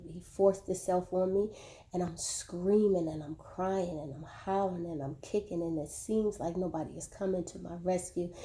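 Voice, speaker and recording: Woman telling her own story real slow, low steady voice, talks right to the viewers. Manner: slow, measured storytelling with repeated words. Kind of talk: personal testimony, spoken to viewers.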